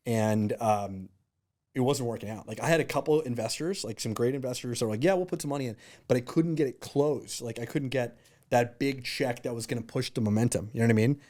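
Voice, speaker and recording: A man's voice: medium pitch, fairly quick. A man in his thirties, a startup founder, telling stories casually in an interview and acting out what people said. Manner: animated, acts out quotes in raised voices.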